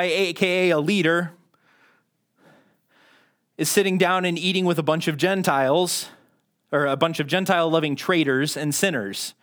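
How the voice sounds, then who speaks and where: A man's voice: a little high, fairly bright tone. A man preaching a sermon in a conversational, self-deprecating way, often restarting his sentences. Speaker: pastor.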